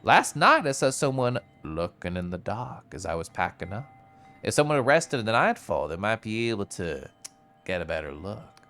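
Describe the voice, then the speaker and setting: A man voicing a weary village farmer who grumbles and drops to a hushed, secretive tone. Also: on the low side, very animated, moderate pace, faint music behind, full character voice. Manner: hushed, conspiratorial.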